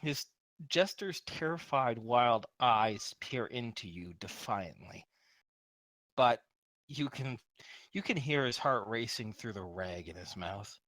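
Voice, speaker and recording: A man narrating as game master in a tabletop game, swearing loudly while voicing characters. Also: medium pitch, lively intonation, slow, no room sound. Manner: profane, shouts in character.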